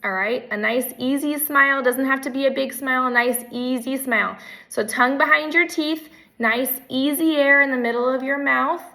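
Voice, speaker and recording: Gentle, bright-voiced woman speech therapist. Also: high voice, normal speed, creaky, poor audio. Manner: gentle, patient, repeats cues. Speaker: speech language pathologist. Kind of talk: home practice lesson.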